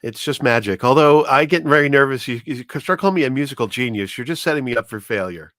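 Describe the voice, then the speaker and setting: A man's voice: mid-range voice, expressive, quick pace, a bit bright, no echo, clean studio sound. A man who works as a radio station manager and disc jockey, a modest podcast guest who hesitates and stumbles over his words. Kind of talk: casual remote chat.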